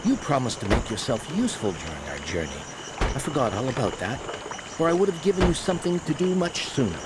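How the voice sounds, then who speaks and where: An actor playing a friendly, weathered ship captain in a fantasy game, speaking in measured storytelling dialogue. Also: male voice, medium pitch, big pitch swings, noisy background, lightly acted.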